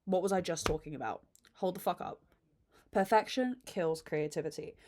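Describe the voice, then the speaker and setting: Her voice is lowish and moderately paced, with a noisy background. She's hosting her own podcast from home, chatting casually to a phone camera, unfiltered, dramatic in her swings and swearing frequently.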